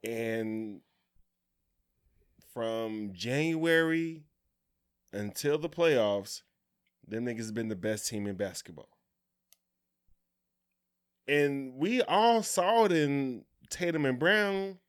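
A man co-hosting a podcast, chatting casually about basketball, profane and animated, acting out quotes and laughing often. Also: medium pitch, takes it slowly, long pauses, clear, resonant tone. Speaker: podcast co-host. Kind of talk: casual sports chat.

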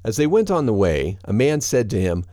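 Low-voiced man reading scripture. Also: sing-song, moderate pace, mellow, dry recording, clean studio sound. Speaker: narrator.

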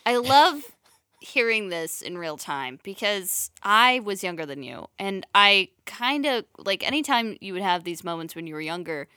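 Brief: young female co-host, chatty and quick, bright voice, dry room. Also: mid-range voice, lively intonation, no room sound. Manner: chatty, quick, laughing, says "like" a lot. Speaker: podcast co-host, sibling of the storyteller. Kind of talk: casual chat.

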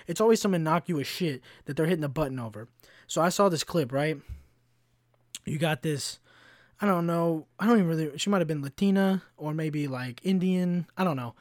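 A young man on his own podcast, swearing his way through a heated rant. His voice sits a bit high, and it is recorded dry and close with no room sound. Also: fairly quick, no room sound. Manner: profane, heated ranting. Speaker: podcast host.

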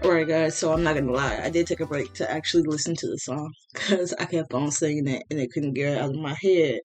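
A woman's voice: low-pitched, a little fast, darkish tone, faint music behind. A woman talking straight into the mic as a solo podcast host, in an unscripted, casual monologue. Her delivery is blunt and heated, sprinkled with swearing and fillers like "um" and "like.".

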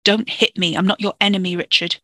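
Narrator doing a halting defensive young man. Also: high voice, fairly even intonation, bright, forceful tone, no room sound.

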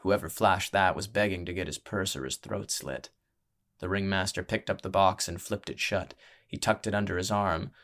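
A man reading a fantasy audiobook as narrator, with measured, dramatic storytelling. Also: low-pitched, a bit bright.

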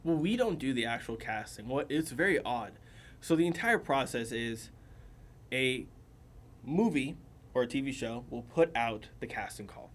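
A man's voice: medium pitch, animated, moderate pace. A young man chatting casually as a podcast co-host, often laughing and acting out what others said. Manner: laughs a lot, acts out quotes. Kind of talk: casual chat.

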